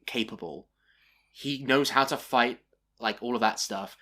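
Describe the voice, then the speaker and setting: A man's voice: mid-range voice, unhurried, pushed and bright. A young man co-hosting a podcast, rambling through ideas with lots of fillers. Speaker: podcast co-host. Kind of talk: casual comedic chat.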